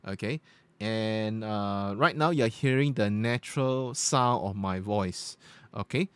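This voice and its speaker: Guy doing a chill mic review, lowish voice, explains step by step, dry sound. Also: clean tone, no echo. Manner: explains step by step in a chatty, informal way. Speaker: product reviewer. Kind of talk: casual tech review demonstration. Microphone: studio USB podcast microphone at close to medium distance.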